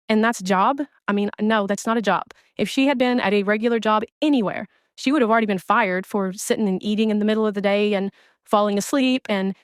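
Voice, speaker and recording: A woman's voice: medium pitch, smooth, dry recording. A woman delivering a blunt, scornful commentary rant, speaking close to the mic. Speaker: commentary creator. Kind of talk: ranting commentary on another streamer.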